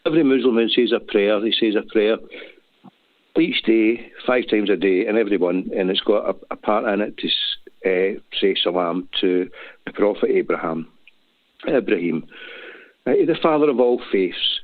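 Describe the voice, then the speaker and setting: A man's voice: fairly low pitch, moderate pace, no echo. A man with a Glaswegian accent calling into a talk show, earnest and emotional, rambling with many restarts. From Scotland. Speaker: caller. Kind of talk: emotional phone-in call. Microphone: phone. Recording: dry, tinny phone line.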